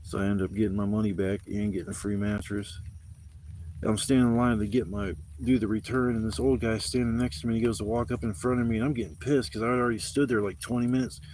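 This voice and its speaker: A man's voice: on the low side, fairly even intonation, quick pace, a little mellow, slight background noise. A man livestreaming from a campsite, telling rambling stories in laid-back, slangy talk full of swearing. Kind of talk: casual rambling storytelling. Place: outdoors at a campsite in the rain. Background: faint rain.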